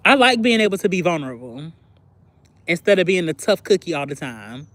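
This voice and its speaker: A young man talking candidly on a livestream, confiding and expressive, acting out bits of phone conversations and often clearing his throat. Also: high voice, brisk, no echo. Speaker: livestream host. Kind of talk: candid personal livestream chat.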